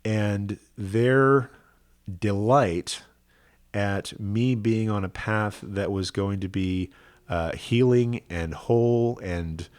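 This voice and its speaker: A rabbi tells a personal story in a low-pitched voice. He speaks earnestly and conversationally, often checking in with the listener. The sound is close and dry. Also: takes it slowly, a little mellow, no room sound.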